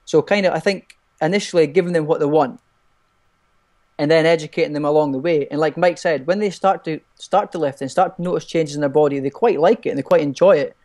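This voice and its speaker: A man's voice: fairly high pitch, fast talker, darkish tone. Hesitant man with a slightly raised voice. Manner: hesitant, repeats words while thinking. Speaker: personal trainer. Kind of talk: casual podcast chat.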